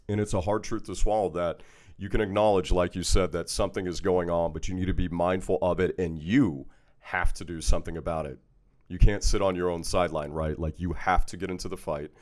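A man's voice: low-pitched, dark tone. A man hosting an interview, affirming his guest and asking questions with some hesitation and repeated words. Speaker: host. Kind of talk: interview conversation.

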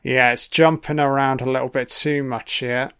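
Sweary film commentator. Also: male voice, medium pitch, little pitch movement, moderate pace, bright, forceful tone, clean tone. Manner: profane, sardonic running reactions. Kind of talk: casual audio commentary.

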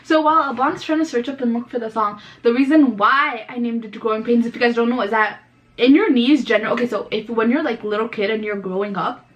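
A young woman from Canada chats on her home podcast in a slightly high voice. She rambles, giggles and trips over her words. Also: quick pace, lo-fi sound. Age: young adult. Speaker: podcast host. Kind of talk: casual chat. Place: home room.

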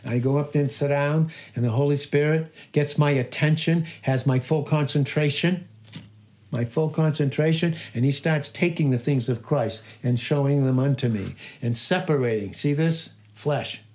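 This sermon comes from a pastor with a fairly high, darkish voice at normal speed. He hammers key phrases through repetition and peppers the congregation with rhetorical questions.

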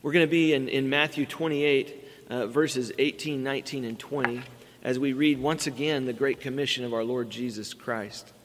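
A man's voice: medium pitch, moderate pace, slight background noise. A middle-aged man preaching a sermon as pastor, earnest and building emphasis on key words. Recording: long reverb from a large hall.

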